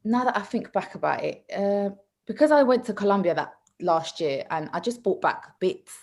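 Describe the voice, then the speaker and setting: A woman, a podcast guest who tells animated stories in casual chat and laughs often. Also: mid-range voice, moderate pace.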